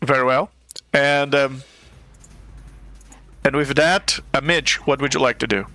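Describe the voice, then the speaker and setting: A man running a tabletop game as game master, halting with many fillers. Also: mid-range voice, fairly even intonation, bright, forceful tone, dry recording.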